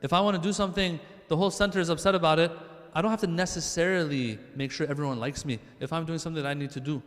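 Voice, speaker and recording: Joking preacher in a reverberant hall. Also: male voice, on the high side, racing. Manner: lively, joking, addresses the crowd directly. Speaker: religious speaker. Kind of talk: conversational sermon.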